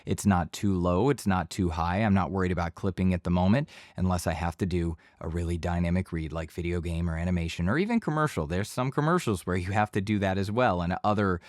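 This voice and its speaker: A man giving a casual voice-over tutorial in a home studio, speaking in a relaxed conversational tone into a studio microphone. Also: deep voice, a little fast, few pauses, no echo. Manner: relaxed conversational teaching, occasional bursts of yelling demos. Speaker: voice-over instructor.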